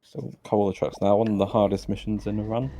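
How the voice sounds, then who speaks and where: A man giving relaxed, chatty live commentary on a speedrun race, with dry humor. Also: on the low side, fast talker.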